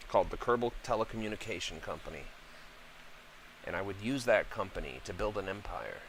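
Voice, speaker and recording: Blunt, profane gaming dad. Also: male voice, low voice, expressive, a little fast, a bit bright, slight background noise, rough recording. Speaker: game streamer and father. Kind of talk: casual rambling chat while gaming.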